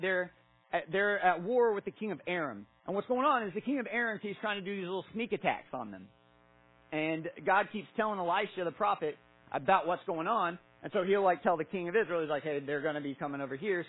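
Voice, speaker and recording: Conversational young pastor preaching. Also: male voice, high voice, low-quality recording. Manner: conversational, animated storytelling with filler words. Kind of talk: sermon.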